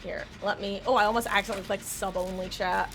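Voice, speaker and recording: A woman livestreams a game and chats at length with her viewers, voice sitting at an ordinary middle pitch. She rambles loosely from one thought to the next into a desk mic, with a faint steady background hum under her. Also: quick pace, gravelly. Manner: chatty, rambling, talks straight to chat. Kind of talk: casual gaming stream chat.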